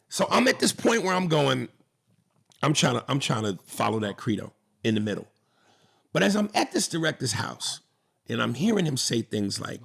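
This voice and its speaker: A man hosting a comedy podcast, telling animated stories in casual chat and restarting his sentences often. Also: medium pitch, moderate pace, gravelly, husky. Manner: animated, storytelling, restarts a lot.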